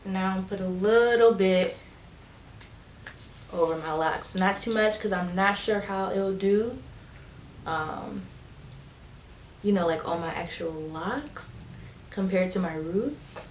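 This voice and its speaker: A woman's voice: medium pitch, takes it slowly, long pauses, echoey room, slight background noise. A woman vlogger chatting casually and encouragingly to her viewers as she shows a hair routine. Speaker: beauty vlogger. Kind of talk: casual how-to chat.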